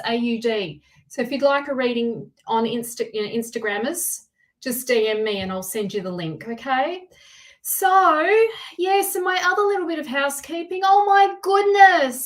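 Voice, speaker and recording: Australian woman, middle-aged, live-stream tarot host; high-pitched, chatty, greets viewers by name. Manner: chatty, warm greetings to viewers, frequent restarts. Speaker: tarot reader hosting a livestream. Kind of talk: casual live-stream chat.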